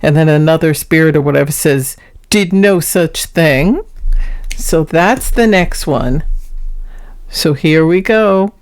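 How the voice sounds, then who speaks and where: A middle-aged woman speaks in a casual, chatty way as she hosts her own paranormal vlog. Her voice sits a little low, and she talks to viewers like she is sharing clips with friends. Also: unhurried, a little mellow, clear, resonant tone. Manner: chatty, introduces recordings.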